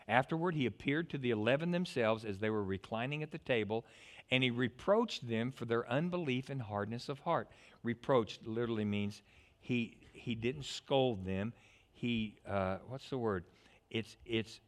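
Male pastor, lively sermon delivery with a swooping pitch and frequent restarts. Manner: animated preaching with stammered restarts.

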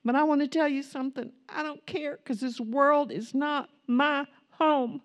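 A woman's voice: high voice, fairly even intonation, unhurried, hardly any pauses. A woman preaching a sermon, telling a story that builds into impassioned, emphatic preaching.

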